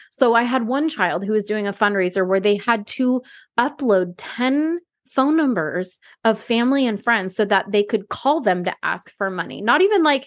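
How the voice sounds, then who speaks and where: A woman, co-hosting a casual chat and acting out quotes with big jumps in pitch. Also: animated, normal speed. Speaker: podcast co-host.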